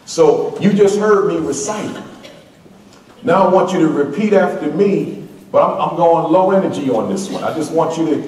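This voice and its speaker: A man's voice: on the high side, animated, normal speed, a little mellow, slight background noise. A man giving a motivational keynote speech to school staff, emphatic and repetitive, leading the audience in call-and-response chants. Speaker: motivational speaker at a school staff opening meeting. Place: large hall or auditorium. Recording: echoey hall, mic far off.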